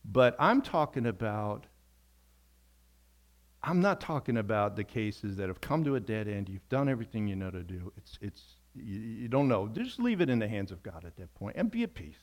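A man preaching earnestly as a pastor, repeating key phrases for emphasis, then praying in a softer, slower voice. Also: lowish voice, sing-song. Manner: softens to a quiet, slow prayer. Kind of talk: sermon closing in prayer.

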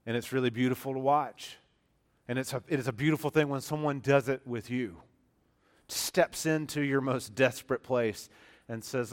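Earnest preacher man with a clear voice. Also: mid-range voice, moderate pace. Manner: conversational preaching, with frequent restarts and repeated phrases; earnest and emphatic, stressing key words. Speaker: pastor. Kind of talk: sermon.

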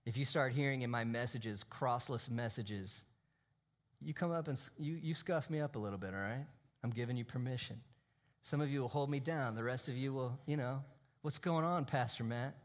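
A man's voice: medium pitch, a little fast. A male pastor preaching in a church, emphatic, drawing out key phrases and sometimes dropping to a near whisper. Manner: drops to a hushed, almost whispered voice for emphasis. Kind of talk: sermon.

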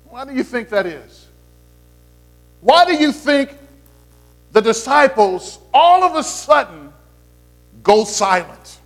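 A man's voice: extremely high pitch, lively intonation, takes it slowly, pauses often, fairly bright tone. A man preaching a sermon as pastor, talking to the congregation in a conversational way, with playful asides and frequent restarts.

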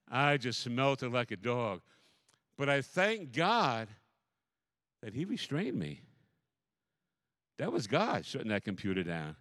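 Animated preaching pastor, dry close sound. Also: male voice, mid-range voice, slow pace, long pauses, no room sound. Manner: animated storytelling, repeats phrases, preaching cadence. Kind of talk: sermon. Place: church.

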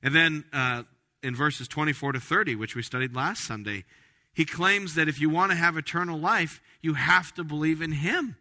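A man preaching a sermon as pastor, emphatic and animated, with frequent restarts. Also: a little high, moderate pace. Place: church sanctuary. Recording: reverberant church hall.

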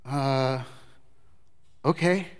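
A middle-aged male pastor preaching a sermon, telling the story with lively emphasis that drops to soft, low passages. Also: extremely slow, clean tone.

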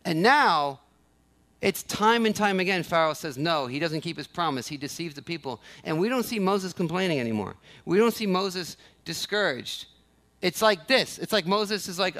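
A man preaching to his church with a high, bright voice. He is animated, acting out the prayers he quotes and repeating his key phrases to drive them home. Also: normal speed. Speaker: pastor. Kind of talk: sermon. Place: church sanctuary.

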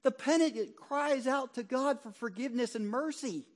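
A high-pitched middle-aged man preaches a fervent sermon. His voice drops to a near hush on solemn phrases and swells into loud, ringing exhortation when he stresses the hope he preaches. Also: normal speed. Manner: impassioned, swinging from hushed low tones to loud exhortation. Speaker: ruling elder preaching.

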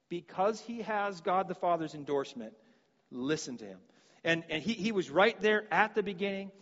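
Guy preaching in a church hall, high voice, earnest, repeats himself a lot, long echo, dull sound. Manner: earnest, repeats words and restarts. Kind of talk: sermon.

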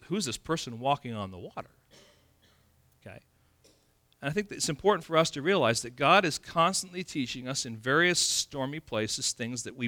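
A male pastor preaching a sermon in a lively, conversational way from California, acting out scenes with playful sound effects. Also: on the high side, no echo, clean studio sound.

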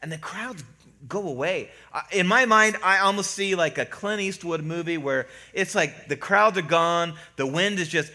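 A man's voice: high voice, moderate pace. A man preaching a sermon as a pastor, telling Bible stories in a conversational, humorous way and acting out the voices of the figures. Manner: animated storytelling, acting out voices of biblical figures.

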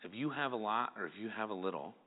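A male pastor preaching a sermon, lively and acting out the people in the story. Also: on the low side, quick pace. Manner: animated, acts out the people in the story. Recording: tinny phone-like sound.

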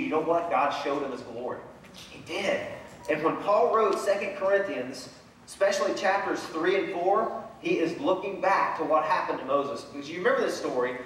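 High-voiced preacher in an echoey hall. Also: male voice, normal speed, slight background noise. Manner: animated preaching, acts out voices of Bible figures. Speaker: pastor. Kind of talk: sermon. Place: large church sanctuary. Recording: echoey church hall from far off.

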